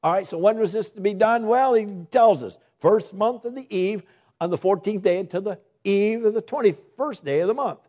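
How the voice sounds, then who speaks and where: A man's voice: high-pitched, moderate pace, dark tone. A man preaching a sermon, putting questions to the congregation, answering them himself and repeating his exhortations with urgency.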